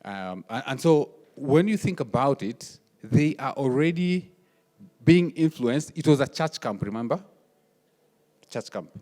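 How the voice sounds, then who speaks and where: A man leading a workshop talk, telling family stories in an animated way and acting out the dialogue. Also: mid-range voice, measured pace. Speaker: workshop speaker. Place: conference hall. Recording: reverberant hall.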